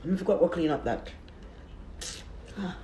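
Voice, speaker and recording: A man's voice: high-pitched, animated, moderate pace, dark tone, slight background noise. Chatty man talking while eating. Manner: chatty and rambling, talks with his mouth full between bites. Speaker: food vlogger. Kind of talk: casual eating vlog talk. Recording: echoey room.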